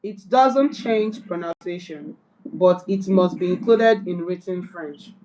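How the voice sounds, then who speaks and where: A woman's voice: on the low side, takes it slowly, dark tone, poor audio. A woman learning French as a beginner, reading out accent rules and carefully repeating words after her tutor. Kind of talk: beginner language lesson practice.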